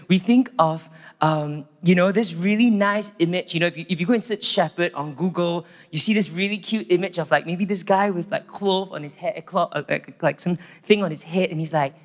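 A Singaporean man with a Singaporean English accent giving a church sermon. He opens with a prayer and then tells animated stories. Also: high voice, fairly quick. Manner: animated storytelling, acts out quotes. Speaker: church staff preacher. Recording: long hall reverb.

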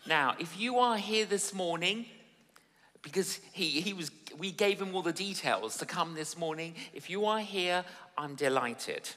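A man's voice: high-pitched, expressive, measured pace, bright, forceful tone, in a large hall. A man preaching a sermon at a church service, emphatic and repeating his phrases for effect.

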